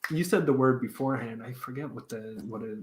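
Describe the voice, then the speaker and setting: A man's voice: mid-range voice, fairly quick, roomy sound, slight background noise. A man from Montreal chatting as a host, rambling, laughing as he talks and losing his words. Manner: rambling, laughs while talking, loses words. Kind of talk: casual chat.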